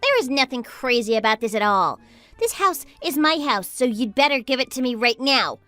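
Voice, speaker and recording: A woman voicing an entitled, demanding young sister-in-law who yells and bosses people around. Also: big pitch swings, moderate pace, no echo, soft background music, heavily acted. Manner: demanding, shrill, yelling. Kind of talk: texting-story voice acting.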